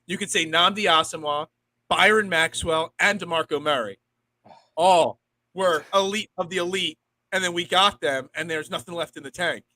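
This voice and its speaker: A man's voice: on the high side, normal speed, sharp tone, low-quality recording. A man co-hosting a sports podcast, rambling in casual chat and often repeating words as he thinks. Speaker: podcast co-host.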